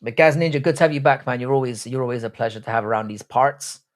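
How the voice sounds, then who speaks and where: A man's voice: mid-range voice, fast talker. A young man hosting a live stream and chatting with viewers, blunt and profane. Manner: crude, profane banter. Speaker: livestream host. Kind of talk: casual live chat reading comments.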